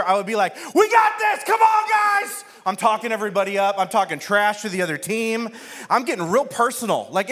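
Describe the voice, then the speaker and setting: A man with a high voice gives a sermon as pastor. He tells a comic story about himself and acts out the other people's lines along the way. His delivery is lively and self-deprecating. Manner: animated, self-mocking, acts out quoted voices.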